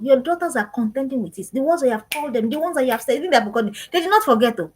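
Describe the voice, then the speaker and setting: Husky-voiced woman, earnest and preachy. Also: high-pitched, lively intonation, rapid-fire, few pauses, low-quality recording. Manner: earnest, repetitive preaching cadence. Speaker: parenting speaker. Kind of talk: live-streamed parenting talk.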